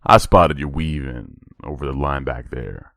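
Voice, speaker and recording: A man's voice: rumbling low, measured pace, vocal fry, fairly bright tone, no room sound, clean studio sound, full character voice. A man voicing a tall, beefy, smirking police officer with a thick Georgia accent. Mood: menacing.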